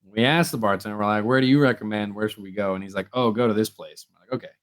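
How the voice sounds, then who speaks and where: A man's voice: lowish voice, steady tone, fast talker. Rambling young man telling stories. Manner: rambling storyteller, acts out quotes, many fillers. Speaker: podcast co-host. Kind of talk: casual chat.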